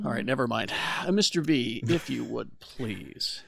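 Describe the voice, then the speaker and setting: A man's voice: mid-range voice, expressive, measured pace, gravelly, breathy edge, no echo. A man co-hosting a podcast in casual chat, rambling and searching for his words. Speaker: podcast co-host.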